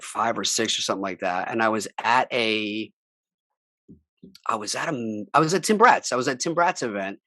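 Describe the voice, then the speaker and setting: A man's voice: medium pitch, pushed and bright, no echo, studio quality. A man hosting a podcast, telling a story in casual, chatty talk with some swearing. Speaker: podcast host. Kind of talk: casual chat.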